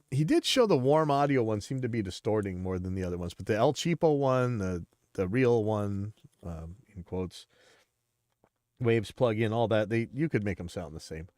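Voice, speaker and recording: A man hosting a casual livestream, talking bluntly and rambling with restarts, a bit stuffy and clearing his throat. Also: lowish voice, darkish tone, no room sound, clean studio sound. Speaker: livestream host.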